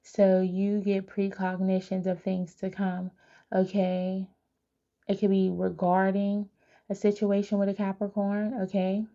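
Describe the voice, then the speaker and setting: A woman giving a live psychic reading, chatty and animated, talking straight to her viewers. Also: medium pitch, measured pace, muffled recording. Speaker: tarot reader.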